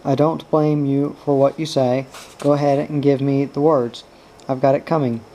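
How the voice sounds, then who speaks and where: A man reading the part of a smooth-talking, self-pitying former lover who wheedles and pleads. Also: mid-range voice, level tone, normal speed, warm tone, natural voice, poor audio. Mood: contrite.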